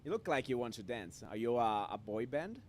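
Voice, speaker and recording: A man streaming a video game, reacting excitably to it with frequent laughter and shouted exclamations. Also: mid-range voice, brisk, a little hiss or hum. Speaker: VTuber streamer. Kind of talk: live gameplay commentary. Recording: game music behind the voice.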